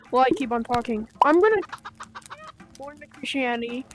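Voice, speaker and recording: Soft music plays while a young woman hosting a gaming channel chats casually with viewers in a high voice at normal speed. Her talk is rambling and playful, sprinkled with many fillers.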